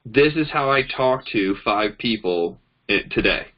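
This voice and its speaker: Indoors and demonstrating on a phone, a man gives a casual training talk on network marketing, telling chatty, animated stories and acting out both sides of his conversations. His voice is on the low side and a little slow, and the highs are cut off.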